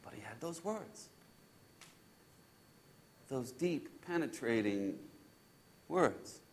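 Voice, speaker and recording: A man playing Peter, a hot-tempered fisherman, telling his story in the first person with halting, repeated words, hushed one moment and loud and exasperated the next. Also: mid-range voice, lively intonation, a little hiss or hum. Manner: swings between hushed awe and loud exasperation. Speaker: actor in a first-person biblical monologue.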